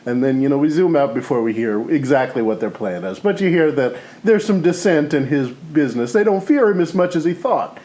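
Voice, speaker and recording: A man co-hosting a comedy podcast, rambling through a movie pitch full of "you know" and "or whatever" and laughing often. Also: expressive, brisk, few pauses, darkish tone, poor audio. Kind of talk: casual comedic chat.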